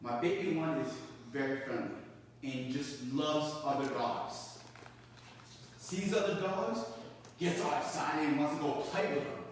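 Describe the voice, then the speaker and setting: A man on a podcast telling a lively story in a casual, animated way. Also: measured pace. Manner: animated, acts out quotes in a loud high voice. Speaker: podcast co-host. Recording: echoey room, distant mic, faint noise.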